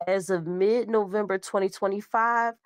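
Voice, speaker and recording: A woman's voice: mid-range voice, steady tone, moderate pace, clean tone, no echo. Stuffed-up woman host reading news. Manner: casual, stumbles over words and restarts. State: stuffed up from a cold. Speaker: show host.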